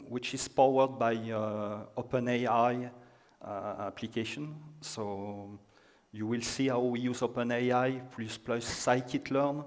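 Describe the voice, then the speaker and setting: A man from France speaks with a French accent as he gives a conference talk. He hesitates often and fills the gaps with filler sounds. His voice sits at a middle pitch and rings with a long reverb. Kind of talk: conference presentation. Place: conference room.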